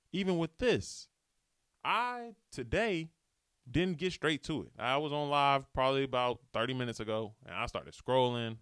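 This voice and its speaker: Alone at a studio mic, a young podcast host delivers laid-back, slang-filled motivational talk. His voice sits in the middle range, fairly bright, clear, and resonant, recorded at studio quality without any echo.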